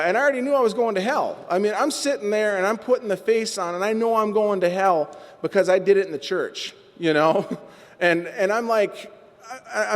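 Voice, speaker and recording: A man with a fairly high voice tells his recovery story to a meeting, in an animated, self-mocking way. His voice rings with long reverb through a large meeting hall. He talks from a podium mic.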